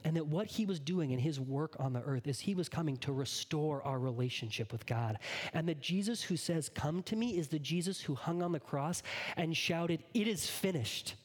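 A man preaching a sermon as a pastor, earnest, sometimes dropping to a hushed whisper. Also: on the high side, moderate pace, husky.

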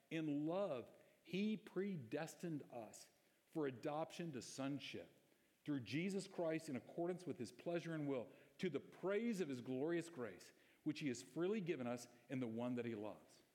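A man's voice: on the high side, darkish tone. A man pastor preaching a sermon, conversational and emphatic, asking rhetorical questions of the congregation. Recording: long reverb of a church hall.

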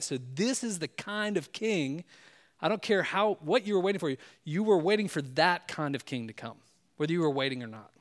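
A male pastor giving a sermon in a loose, conversational way, often checking in with "right?". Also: a little high.

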